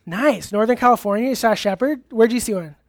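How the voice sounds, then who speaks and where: Fast and medium-pitched, this youth pastor gives a casual sermon in a church hall, asking the audience questions, laughing easily, and leaning heavily on fillers. The sound is clean, like a studio recording.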